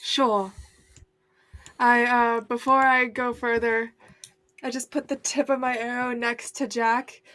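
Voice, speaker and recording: A woman with a high, light voice plays a tabletop game in casual chat. She is upbeat and eager. She states her moves readily. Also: flat delivery, takes it slowly, fairly bright tone. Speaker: player.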